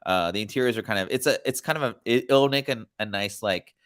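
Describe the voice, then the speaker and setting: A man's voice: lowish voice, fast talker, clear, resonant tone. A man hosting a podcast, chatting casually in a rambling, slangy way. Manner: rambling, laid-back, slangy. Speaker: podcast host. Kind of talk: casual chat.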